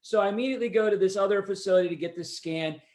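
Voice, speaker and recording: Talking very fast in a high, slightly mellow voice, a male podcast host tells a meandering story about his own life. The delivery is casual, chatty, and self-mocking.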